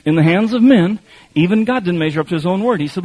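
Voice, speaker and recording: A man preaching a sermon, telling animated stories with shouted bursts and laughter, his voice husky. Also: high-pitched, fast talker, low-quality recording.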